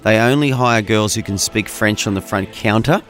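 A man's voice: fairly low pitch, moderate pace, fairly bright tone, faint music behind. An Australian man co-hosting a breakfast radio show in a studio, telling jokey stories in casual banter. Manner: jokey, chatty storyteller. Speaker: radio co-host.

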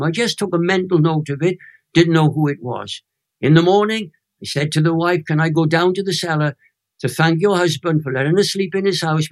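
Animated older Welsh storyteller. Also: male voice, on the high side. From Wales. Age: 80s. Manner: lively, emphatic, builds to emotional peaks. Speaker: guest.

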